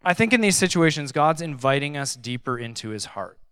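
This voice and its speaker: A young man giving a casual, conversational sermon, reading scripture and adding animated, sarcastic asides. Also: fairly high pitch, brisk, smooth, no room sound, clean studio sound. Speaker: pastor.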